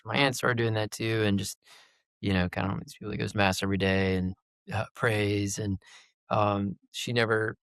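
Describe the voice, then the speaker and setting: Gravelly low man chatting loosely. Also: steady tone, normal speed, fairly bright tone, no room sound. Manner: loose, rambling, many fillers and likes. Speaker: guest, company founder. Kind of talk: casual interview talk.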